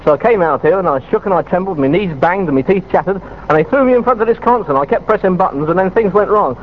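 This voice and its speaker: Goofy radio DJ, tinny old broadcast. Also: male voice, high-pitched, expressive, quick pace, slight background noise. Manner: goofy, rambling, self-mocking. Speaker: radio disc jockey. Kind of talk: jokey on-air farewell patter.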